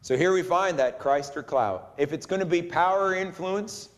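A man preaching a sermon in an animated way, acting out the voices of the people in his story. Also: high-pitched, moderate pace. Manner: animated, acts out voices of the crowd. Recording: long hall reverb.

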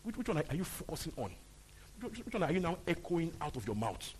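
Emphatic Nigerian pastor with a lively voice. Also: male voice, on the high side, fast talker, slight background noise. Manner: emphatic, repeats phrases, asks the congregation rhetorical questions. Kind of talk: sermon. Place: church service.

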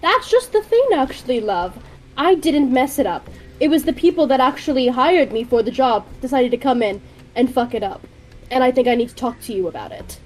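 Brief: high-voiced brash mercenary woman played by a woman, sarcastic, blunt. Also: expressive, brisk, a little mellow, a little hiss or hum, low-quality recording. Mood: cocky. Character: cocky woman bounty hunter, blunt.

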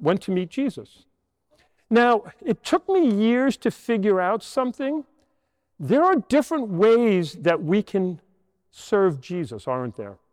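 High, lively older man giving a homily. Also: no room sound, in a large hall. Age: 60s. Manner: storytelling, asks rhetorical questions. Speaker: priest. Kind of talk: homily to children. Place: church.

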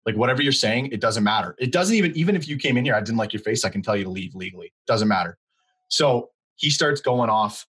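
A young man tells a story on a podcast. His voice is a little husky, and his pitch swings widely as he acts out what people said. He keeps it casual and chatty. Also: fast talker, rough recording. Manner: animated, acts out quotes. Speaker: podcast co-host.

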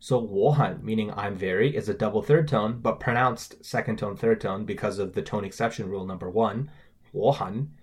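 A man's voice: on the low side, brisk, few pauses. A man co-hosting a scripted language-lesson podcast, carefully explaining pronunciation and tones. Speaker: podcast co-host.

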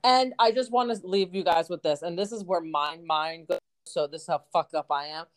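A woman's voice: lowish voice, moderate pace. A woman co-hosting a podcast in casual chat, gossipy and swearing, often breaking into laughter. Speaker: podcast co-host.

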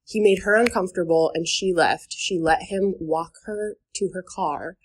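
A woman's voice: fairly low pitch, moderate pace, slight background noise. A young woman from New Hampshire telling a dating story in casual podcast chat. She talks chattily, with lots of fillers and "like", and laughs between sentences.

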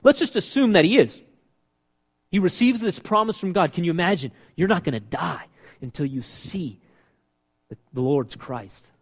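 A man preaching a sermon as pastor, animated and asking his listeners questions. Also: sits high, normal speed, breathy edge. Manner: animated, asks the congregation questions. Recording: long reverb of a hall.

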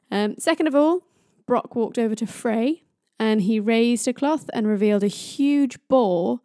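A woman tells a myth in a chatty, playful manner and jokes about stumbling over hard names. Her voice is warm and mellow. It is recorded dry and close to the mic. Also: medium pitch, no room sound. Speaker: storyteller. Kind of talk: casual myth storytelling.

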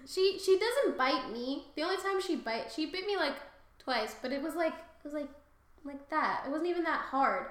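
A woman podcast host retelling a myth in casual, profane, animated comedic style, recorded in an echoey room. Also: high voice, moderate pace. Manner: profane, animated, laughs often.

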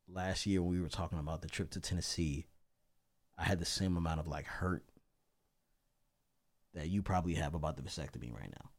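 A man with a deep, low voice co-hosts a casual podcast about marriage. He talks in an easygoing, conversational way and often checks in with his partner. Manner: laid-back, conversational, uses "you know what I'm saying". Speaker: podcast co-host. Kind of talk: casual chat.

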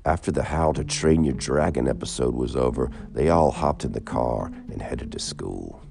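A man reading a children's story aloud as narrator in a slow, expressive way. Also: a bass voice, creaky. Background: soft guitar music.

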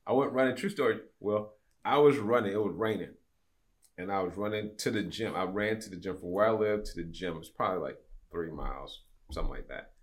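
A man's voice: lowish voice, fairly quick. A man in his fifties, a podcast guest, telling a story in casual chat. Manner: storytelling, acts out quoted people.

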